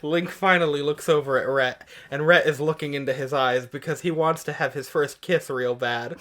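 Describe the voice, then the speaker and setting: A podcast co-host reads fan fiction with a dry, deadpan delivery. The voice sits at a middle pitch. Sarcastic asides cut in between the lines of the story. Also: normal speed.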